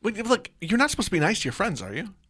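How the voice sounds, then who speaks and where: A man in his forties hosting a podcast, chatting casually over beers, eager and quick to laugh. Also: high-pitched, wildly swooping pitch, fairly bright tone, husky. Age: 40s. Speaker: podcast host.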